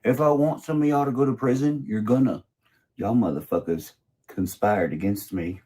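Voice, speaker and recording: A man's voice: mid-range voice, moderate pace, warm tone, slightly rough. Profane, mocking man. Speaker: video creator. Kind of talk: angry rant.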